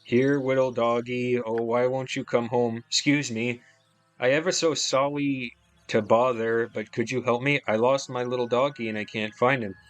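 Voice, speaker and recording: A man reading out a timid little boy who has lost his dog, in a cutesy, soft, slow "uwu" voice. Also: mid-range voice, fairly even intonation, soft background music, natural voice. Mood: pleading.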